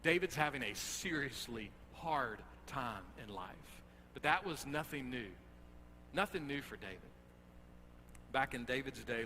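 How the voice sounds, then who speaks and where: Animated young male preacher in a hall. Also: fairly high pitch. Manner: animated, dramatic readings of scripture. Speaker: pastor. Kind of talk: sermon. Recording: echoey hall with faint hum.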